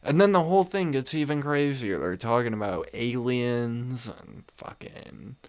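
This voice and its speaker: A man's voice: mid-range voice, animated, a little slow, a little mellow, smooth, no echo. Profane rambling podcast host, man. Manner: profane, rambling, laughs often. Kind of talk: casual comedic rant. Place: home room.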